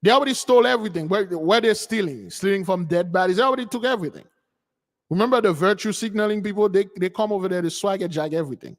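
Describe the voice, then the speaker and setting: Long reverb colors this clip of a man hosting a livestream commentary. His voice is high-pitched and quick, and he drives his points home in a forceful, preachy way, repeating them again and again.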